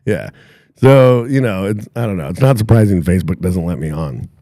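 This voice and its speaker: A man's voice: low-pitched, animated, normal speed, mellow, no room sound, studio quality. A man hosting a podcast, telling a long story in a boastful, mocking way and laughing at his own jokes. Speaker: podcast host. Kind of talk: casual storytelling chat.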